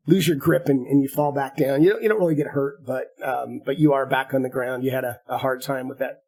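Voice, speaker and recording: A man running a tabletop game as game master, narrating in a halting way with many repeated words. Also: medium pitch, darkish tone, rough recording.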